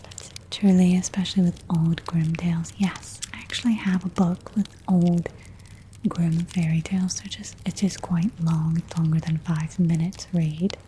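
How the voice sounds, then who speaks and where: A woman streamer speaking in a soft, soothing ASMR whisper and repeating trigger words gently. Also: lowish voice, level tone, moderate pace, slight background noise.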